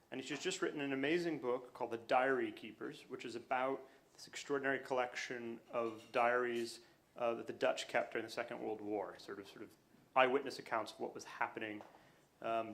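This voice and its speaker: A man's voice: medium pitch, fairly bright tone. A man hosting a literary stage show, introducing the next speaker from notes with small slips. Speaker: show host.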